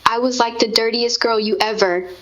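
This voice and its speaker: A woman in casual conversation with her partner, telling their shared story in an animated way. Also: a little high, moderate pace, poor audio. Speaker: co-host recounting a shared memory.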